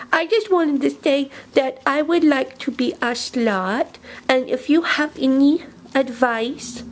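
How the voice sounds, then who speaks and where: Eerie childlike bed monster, woman voicing it, high voice, very slow, dreamy, slips into whispers. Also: a little hiss or hum. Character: creepy childlike monster imaginary friend under the bed. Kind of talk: comic character monologue.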